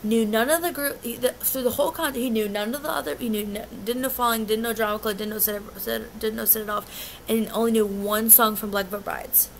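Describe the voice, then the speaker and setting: A woman's voice: on the high side, fairly even intonation, brisk, gravelly, slight background noise. A young woman telling a concert story in a casual vlog, agitated and rambling, often restarting and swearing. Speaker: concert fan recounting an experience.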